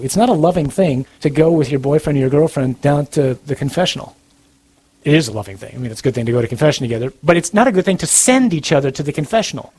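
A man's voice: on the high side, expressive, quick pace, a little mellow. A man giving a sermon-style talk, speaking in an earnest, direct and conversational way. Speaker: preacher.

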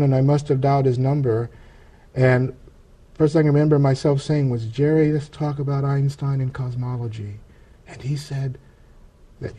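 Male interview guest, earnest testimony, halting with restarts, mellow tone, a bit high. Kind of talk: personal testimony storytelling.

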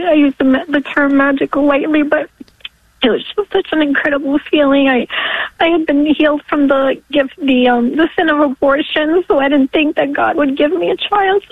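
A woman in her forties from Long Island, New York, calling in to a radio show and getting emotional, halting and tearful. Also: high voice, steady tone, no echo. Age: 40s. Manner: emotional, halting, breaks into laughter and tears. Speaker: caller. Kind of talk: call-in radio phone call. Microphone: telephone. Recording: tinny dry phone line.

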